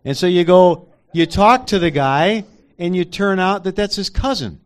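A man's voice: high-pitched, moderate pace. A man in a casual church group discussion, rambling with many fillers and acting out quotes.

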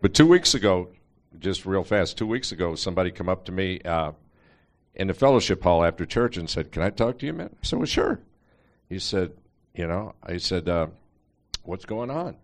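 A man's voice: low-pitched, lively intonation, a little fast. A man in a church group telling a story in a plain, matter-of-fact way. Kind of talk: casual storytelling.

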